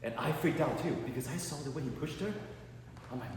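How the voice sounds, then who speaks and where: A Canadian man with a medium-pitched voice and brisk pace performs stand-up for a live audience in an art gallery event space. He tells animated stories and acts out the people in them, while the echoey hall adds long reverb and clear background noise.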